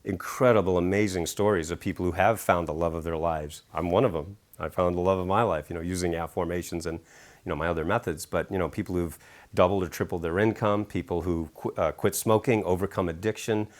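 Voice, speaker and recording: A middle-aged man with a low voice tells stories in an animated interview. He grows enthusiastic and acts out quotes with sudden leaps in pitch. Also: a little fast. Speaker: author and speaker.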